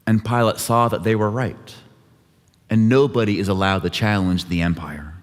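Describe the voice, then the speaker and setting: A man's voice: lowish voice, steady tone, moderate pace. A man leading a church service, telling a scripture story with light voicing of each character. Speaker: worship leader. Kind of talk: dramatic scripture retelling. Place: church sanctuary. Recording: long hall reverb.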